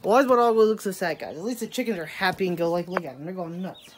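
A woman's voice: lowish voice, quick pace, slight background noise. Chatty woman rambling through a home vlog. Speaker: daily vlogger. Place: home indoors, rainy day.

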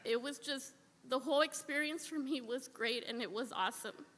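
A woman's voice: high-pitched, normal speed, heavy background noise. A woman sharing a heartfelt personal testimony at a church service, earnest and repeating phrases for emphasis. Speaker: church member giving testimony. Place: church sanctuary. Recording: echoey church hall with long reverb.

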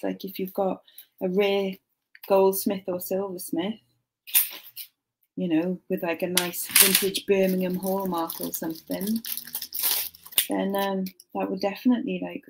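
A young woman casually chatting to a live stream while sorting jewellery, muttering soft asides to herself. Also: mid-range voice, heavy background noise.

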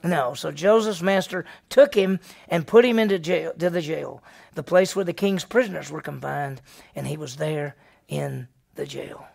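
A middle-aged man, a pastor, teaching a Bible study lesson in an animated way, firing questions at the class and answering them himself. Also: a little high, moderate pace, vocal fry.

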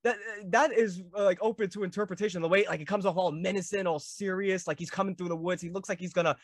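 A man's voice: high voice, steady tone, fast, dry recording, clean studio sound. A young man hosting a video call interview, asking rambling, eager questions full of fillers. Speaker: host.

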